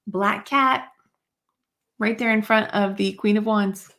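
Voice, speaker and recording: A woman's voice: mid-range voice, fairly even intonation, slow, long pauses, a bit bright. Chatty woman giving a card reading. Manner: chatty, rambling, many fillers and asides. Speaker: card reader. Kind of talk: spiritual card reading to camera.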